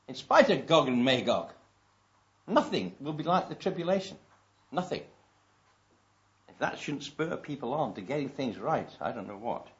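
A preacher man delivering a sermon from a dull, lo-fi recording. His voice sits at a middling pitch and moves from relaxed, chatty asides to slow, pressed emphasis on key points. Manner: conversational, swelling to emphatic stresses.

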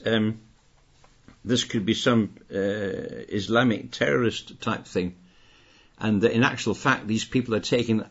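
An older man delivers a sermon at a middle pitch, his voice husky and a little rough. He hammers home each point, repeating phrases and pushing his volume up as he goes. The recording is dull and lo-fi. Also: fairly bright tone. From Britain. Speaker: preacher.

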